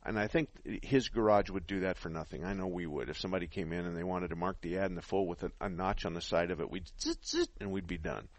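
Folksy radio car-advice host, low voice. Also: male voice, big pitch swings, fast talker, few pauses, dry recording. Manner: folksy, practical, explains step by step. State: out of breath. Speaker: radio show host, auto mechanic. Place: radio studio. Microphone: headset.

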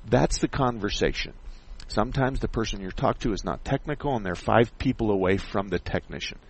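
A man's voice: on the low side, brisk, vocal fry, husky, rough recording. A man hosting a call-in radio show about car repair, explaining things step by step in a folksy way. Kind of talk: call-in radio advice chat.

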